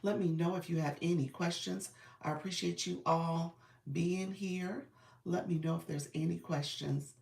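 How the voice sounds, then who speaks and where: A woman business coach hosting a casual livestream. She is under the weather and a bit raspy, and she greets viewers by name in an upbeat, encouraging way. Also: on the low side, fairly even intonation, moderate pace, a little mellow, echoey room, recorded from a distance.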